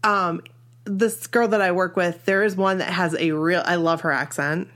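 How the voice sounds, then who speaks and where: A woman's voice: lowish voice, fairly even intonation, moderate pace, fairly bright tone. A woman in her forties from Maine, with a Maine accent, chatting casually and upbeat as a podcast co-host. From Maine, USA. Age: 40s. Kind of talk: casual chat.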